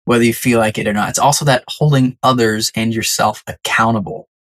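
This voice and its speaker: A podcast guest who tells a story with animated delivery, acting out the quoted lines in shifting voices. The manner is conversational and enthusiastic, with the pitch sitting in the middle range. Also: a little fast.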